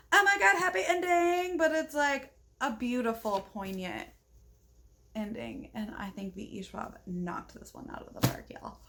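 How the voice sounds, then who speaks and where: A woman book vlogger talks in an unhurried, easygoing way, gushing over what she has read. She fills her casual chat with "like" and sounds relaxed rather than polished. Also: mid-range voice. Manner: chatty and gushing, fills speech with "like"; yawning, talking at bedtime. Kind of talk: casual reading vlog chat.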